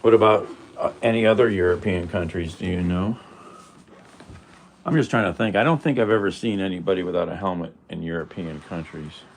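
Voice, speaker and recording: Low-voiced male vlogger, chatty storyteller, laughs at his own jokes. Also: brisk, a little hiss or hum. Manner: coos at his cat in baby talk. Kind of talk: casual late-night chat.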